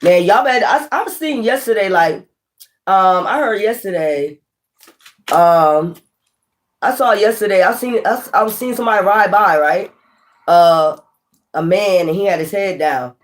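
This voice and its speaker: A tarot reader delivers a casual spiritual monologue in a medium-pitched voice, unhurried and pausing often. The talk is preachy and excitable, full of swearing and laughter, and rambles with frequent restarts.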